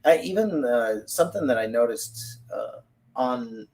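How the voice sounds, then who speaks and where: A man's voice: medium pitch, animated, unhurried, a little mellow. Chatty man, distant mic. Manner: rambling, chatty, reads viewer comments aloud. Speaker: podcast co-host. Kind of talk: casual livestream chat.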